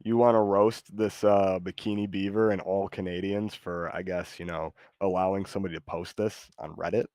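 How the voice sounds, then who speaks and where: A man's voice: deep voice, fairly even intonation, normal speed, hardly any pauses, darkish tone, no room sound, studio quality. An American man hosting a casual live stream, rambling and hesitant as he reads chat aloud. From United States. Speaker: streamer host.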